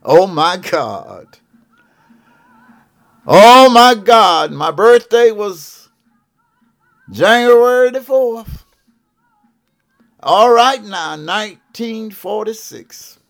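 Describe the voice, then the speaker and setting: A man's voice: sits high, big pitch swings, drawn-out words, pauses often, faint music behind. A man in his seventies from Georgia with a Southern accent, making a fervent televangelist appeal, repeating himself and calling out to listeners. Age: 70s. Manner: preachy, repeats "what I'm saying", calls out "yes ma'am, yes sir". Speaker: televangelist prophet. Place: broadcast studio.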